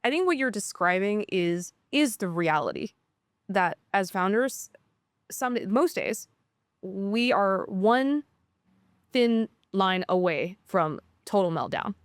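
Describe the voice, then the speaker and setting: A woman's voice: mid-range voice, animated, slow, no room sound. Reflective woman founder, dry close sound. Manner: earnest and reflective, with frequent "um" fillers. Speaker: startup founder. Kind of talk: casual conversation.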